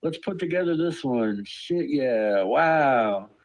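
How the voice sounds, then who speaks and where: A man voicing an excited redneck guy gushing over a new puzzle at the store, in high, gushing exclamations. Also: drawn-out words. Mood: giddy.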